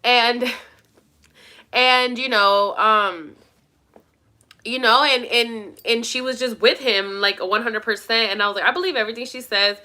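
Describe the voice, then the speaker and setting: A woman's voice: a little high, steady tone, slow, long pauses, sharp tone. A young woman talking casually to her viewers, rambling and emphatic, swearing a lot. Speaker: vlogger. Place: at her mother's home.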